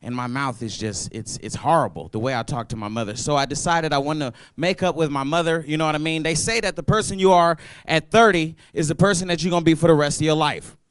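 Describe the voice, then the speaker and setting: A man's voice: on the high side, quick pace, few pauses, smooth, dry recording. A young man doing a loose, profane stand-up set at an open mic, riffing on the crowd. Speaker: stand-up comedian. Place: comedy club stage at an open mic.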